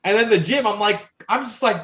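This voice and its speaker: A man in his thirties from New York, a podcast guest telling a story in casual chat. He is animated and profane, with lots of fillers. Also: high-pitched, brisk. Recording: roomy echo.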